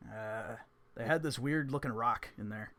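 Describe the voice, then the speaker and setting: A man voicing a laid-back, brash male musician who talks in a casual, slangy, excitable way. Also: medium pitch, moderate pace.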